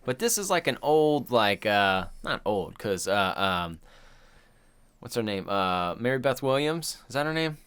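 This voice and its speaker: A man's voice: mid-range voice, very animated, unhurried, a bit bright, clear, resonant tone. Thirties male podcast co-host, loose and profane, rambling chat delivery. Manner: loose, profane, rambling retelling with quoted voices. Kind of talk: casual chat.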